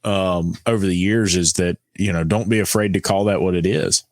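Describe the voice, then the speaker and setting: Man, podcast co-host, lowish voice, agreeable reflective manner, dry sound. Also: steady tone, moderate pace, no room sound. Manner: agreeable, brief affirmations then reflective. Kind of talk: casual podcast chat.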